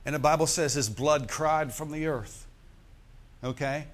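A man preaching a sermon, slowing down to stress key words and asking the congregation "Amen?" between points. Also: on the high side. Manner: preacher's call-and-response with "Amen?" and "Praise the Lord". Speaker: pastor.

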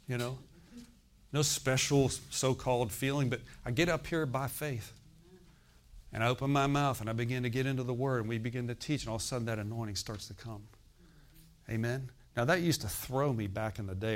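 A pastor in his sixties giving a sermon, telling a scripture story with animated acted-out dialogue and dropping into quiet, confiding asides. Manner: animated storytelling, acting out quoted dialogue with rising pitch and volume. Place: church.

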